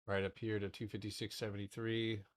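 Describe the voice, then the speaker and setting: A young man giving casual live trading commentary to his community, excitable and profane, talking in broken half-sentences. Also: fairly low pitch, a little fast. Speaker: stock trading streamer.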